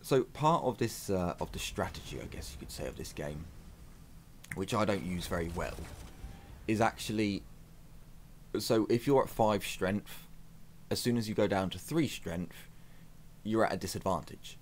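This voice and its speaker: A man's voice: on the low side, expressive, moderate pace, pauses often, a little hiss or hum. A man giving casual, self-mocking commentary as he plays a strategy game on his channel. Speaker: gaming YouTuber.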